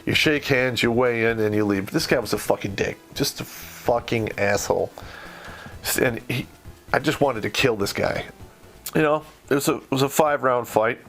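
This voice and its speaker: Profane, blunt middle-aged storyteller. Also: male voice, mid-range voice, normal speed, fairly bright tone, faint music behind. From Michigan, USA. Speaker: podcast host. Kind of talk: casual storytelling.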